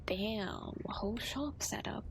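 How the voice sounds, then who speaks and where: A woman's voice: mid-range voice, takes it slowly, noisy background. A woman streamer chatting casually during a game, often whispering to herself. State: nosebleed. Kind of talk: casual gameplay commentary.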